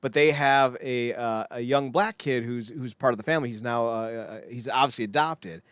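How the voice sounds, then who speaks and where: A man's voice: medium pitch, moderate pace, a bit bright, clean tone, no room sound. A man co-hosting a wrestling podcast, chatting casually, rambling and laughing often, acting out quotes in little voices. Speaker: podcast co-host. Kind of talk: casual chat.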